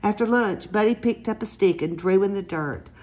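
A woman reads a children's picture book aloud. Her narration is gentle and even. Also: medium pitch, normal speed. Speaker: storyteller.

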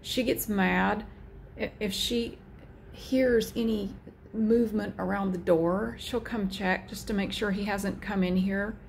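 Slow, gravelly-voiced woman chatting casually. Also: fairly even intonation, slight background noise. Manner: chatty, slow and drawn out, slips into high baby talk for the cat. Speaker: vlogger. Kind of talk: casual chat filming her cat.

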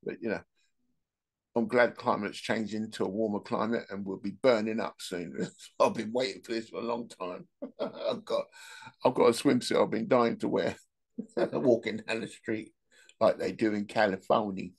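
A man's voice: lowish voice, normal speed, vocal fry, breathy edge. A man hosting a podcast, telling rambling, joking anecdotes in a casual monologue. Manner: rambling, joking storyteller who laughs at his own anecdotes. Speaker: podcast host.

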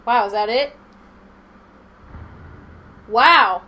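A woman chatting through a video game session with a bright, fairly high voice. She talks slowly and teases her partner, swearing freely and breaking into laughter often. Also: rough recording. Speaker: let's play co-host. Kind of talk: casual gameplay chat.

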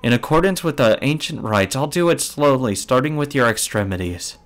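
A man doing a quiet, deranged villainess. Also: medium pitch, animated, moderate pace, voice pushed up, natural voice. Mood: coldly menacing. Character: menacing deranged teenage girl, quiet and cruel.

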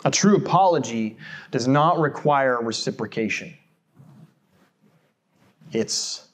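A man's voice: mid-range voice, animated, takes it slowly, pauses often, husky. A man from the United States preaching a sermon in a church, conversational and self-deprecating, often putting rhetorical questions to the congregation. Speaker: pastor.

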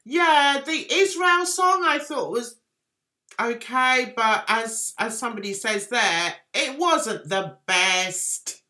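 Chatty woman with lively pitch. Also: slow pace. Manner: chatty, rambling, self-deprecating, reads chat aloud. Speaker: livestream host. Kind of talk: casual live-stream chat.

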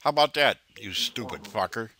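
A man's voice: lowish voice, lively intonation, moderate pace, sharp tone. A man taunting a phone scammer with profane, exasperated insults in a casual call. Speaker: scam baiter.

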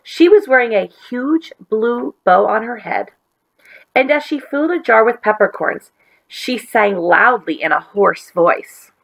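A woman teacher reading a chapter book aloud to children in a gentle, expressive way. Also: a little high, unhurried, vocal fry, poor audio.

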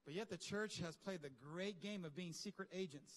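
Man, pastor, high voice, animated casual preaching, long church-hall reverb. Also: moderate pace. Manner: animated, conversational preaching with slang and asides. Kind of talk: sermon.

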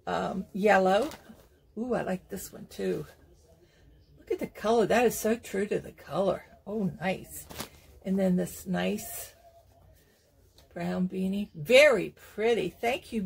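Older woman craft vlogger, gravelly, unhurried and chatty, faint background hiss. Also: mid-range voice, a little mellow. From Florida. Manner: chatty, gushing, many ums. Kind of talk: casual unboxing chat. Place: home sewing table.

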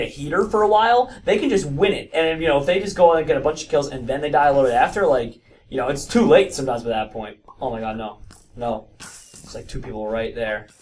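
A man giving excited gameplay commentary, stammering and restarting with frequent exclamations. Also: a little high, recorded from a distance. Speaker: gaming video host.

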